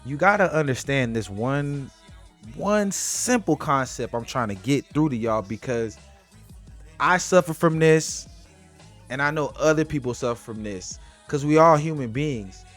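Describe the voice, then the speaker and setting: A man's voice: medium pitch, lively intonation, unhurried, fairly bright tone, faint music behind. Blunt, profane man lecturing to camera. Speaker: vlogger giving life advice. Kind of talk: casual motivational monologue to camera.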